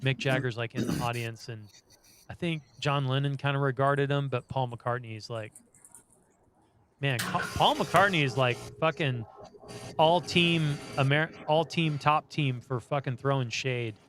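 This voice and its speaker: A man's voice: mid-range voice, a little slow, noisy background. A man co-hosting a podcast, chatting casually with a blunt, profane, joking manner. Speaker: podcast co-host. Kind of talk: casual chat.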